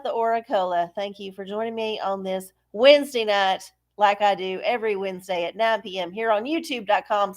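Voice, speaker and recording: A middle-aged woman, hosting a live stream in a breezy, folksy way and cursing casually. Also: a little high. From Texas. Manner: breezy, cussing, folksy, greeting viewers. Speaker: livestream tarot host.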